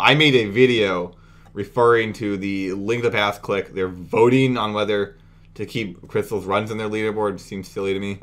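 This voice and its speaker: A man's voice: lowish voice, fairly bright tone. A young man talking casually in a commentary video, brash, mocking and indignant as he addresses viewers. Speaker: youtube commentator.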